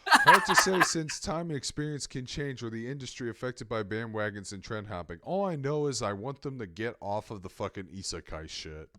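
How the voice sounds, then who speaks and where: A podcast co-host chats casually, blunt and swearing freely, in a medium-pitched, expressive voice with a sharp tone at a moderate pace. The audio is studio quality with no room sound.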